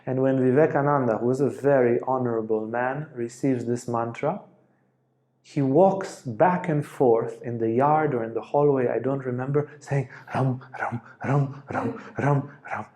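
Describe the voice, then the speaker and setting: A man giving a spiritual talk as a teacher, telling a story in an animated way and acting out the quotes. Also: mid-range voice, normal speed. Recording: echoey room.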